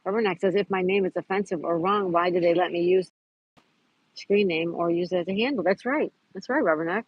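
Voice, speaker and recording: A woman's voice: fairly low pitch, a little fast, breathy edge, no echo, highs cut off. A woman hosting a casual live stream outdoors at a park, chatting and greeting viewers by name as she reads their comments. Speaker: livestream host.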